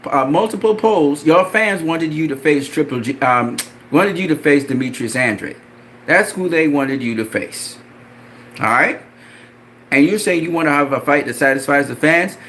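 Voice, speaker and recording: A man angrily ranting about boxing, profane and repetitive, with mocking jumps in his voice. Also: a little hiss or hum. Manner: animated, mocking pitch jumps. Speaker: boxing commentator. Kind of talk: ranting commentary.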